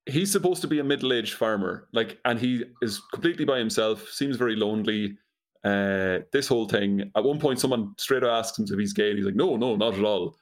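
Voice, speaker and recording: On a podcast, a man recaps a movie's plot in casual comedic chat, his lowish voice moving briskly. He tells it dryly and with disbelief, laughing often.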